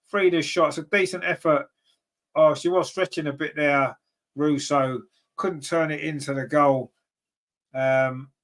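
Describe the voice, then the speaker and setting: A man hosting a fan watchalong, calling a live football match and reading viewer comments. He is partisan, grumbles at team choices, and his voice climbs sharply in pitch and loudness when a chance comes. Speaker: fan commentator and channel host.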